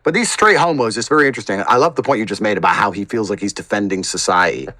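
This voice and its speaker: A man's voice: on the low side, very fast, pushed and bright, no echo. A man as a podcast guest telling stories in casual chat, blunt and emphatic, with occasional swearing.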